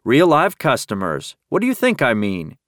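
A man's voice: medium pitch, wildly swooping pitch, moderate pace, fairly bright tone, dry recording, studio quality. A man voicing a brusque middle-aged female sheriff who growls orders impatiently. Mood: gruff.

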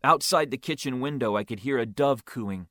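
A man's voice: mid-range voice, normal speed, sharp tone, dry recording. Wry male audiobook narrator, dry sound. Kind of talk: first-person audiobook narration.

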